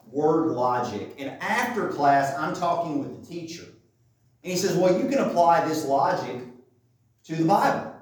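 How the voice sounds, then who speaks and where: A man preaching a sermon in a conversational way, often repeating phrases for emphasis. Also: medium pitch. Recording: echoey room, mic at a distance.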